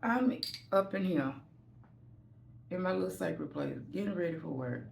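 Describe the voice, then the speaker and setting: Woman with a creaky voice telling a story. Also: lowish voice, measured pace, a little mellow, a little hiss or hum. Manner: candid, rambling, self-deprecating. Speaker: vlogger. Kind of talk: casual storytime while getting ready. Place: at home.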